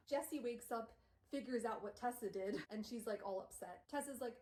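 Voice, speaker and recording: A woman's voice: a little high, normal speed, darkish tone, a little hiss or hum. Young woman streamer, chatty recap, roomy echo. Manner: chatty, filler-heavy. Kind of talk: casual book recap on a live stream. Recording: echoey room.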